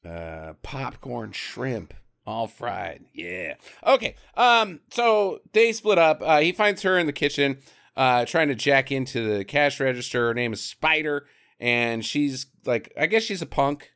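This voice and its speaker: A man's voice: medium pitch, big pitch swings, measured pace, vocal fry, a bit bright, clear, resonant tone. A man co-hosting a podcast, recapping a film in casual chat, joking and laughing often. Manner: jokey, laughs often, acts out quotes. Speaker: podcast co-host.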